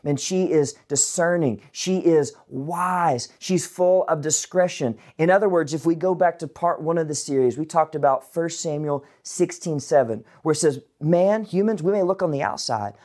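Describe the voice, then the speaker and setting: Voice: mid-range voice, normal speed, hardly any pauses, a little mellow. A Bible teacher giving a casual, conversational online lesson, with chatty asides to the viewers.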